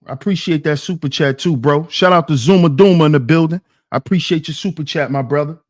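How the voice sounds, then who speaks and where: A man's voice: on the high side, fast. A man hosting a reaction stream, indignantly picking apart a debate clip and firing rhetorical questions at his chat. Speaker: commentary channel host.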